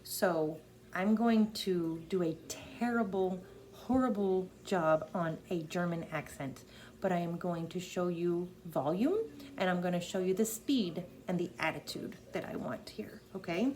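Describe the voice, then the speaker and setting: A woman's voice: on the low side, measured pace, a little mellow, slight background noise. A woman working as a drama teacher, coaching an actor on a part with emphatic, repeated instructions. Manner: emphatic, repeats key points.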